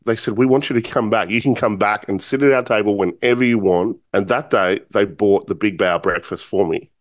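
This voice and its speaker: A man with a fairly low voice tells a personal story with animation. He acts out the other people's lines as he goes. The sound is dry, with no room echo. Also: fairly quick. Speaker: speaker telling a personal story. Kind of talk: storytelling talk.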